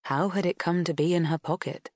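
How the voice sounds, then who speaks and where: A woman narrating an audiobook in a measured, even storytelling manner. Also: lowish voice, no echo, studio quality.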